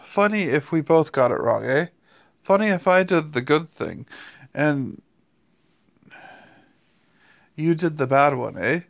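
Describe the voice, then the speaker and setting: A man's voice: a little high, lively intonation, moderate pace, gravelly. A man voicing a laid-back male demon who talks in a wry, sarcastic way. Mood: musing.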